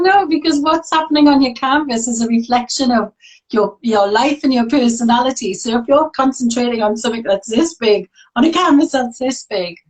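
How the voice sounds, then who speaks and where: A woman who teaches art and coaches, hosting a relaxed chat on a video call and laughing often. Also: fairly high pitch, low-quality recording. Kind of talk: casual conversation.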